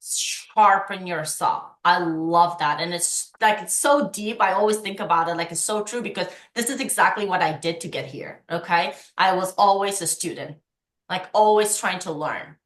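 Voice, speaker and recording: Woman trainer, low-ish voice, energetic coaching, echoey room on a call. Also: normal speed. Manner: energetic, coaching, acts out past conversations. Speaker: insurance sales trainer. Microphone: video call.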